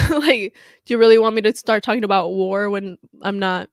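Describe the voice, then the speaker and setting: A woman's voice: medium pitch, moderate pace, vocal fry, dry recording. Chatty woman live streaming, dry sound. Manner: chatty, emphatic, trailing asides. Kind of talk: casual live-stream commentary.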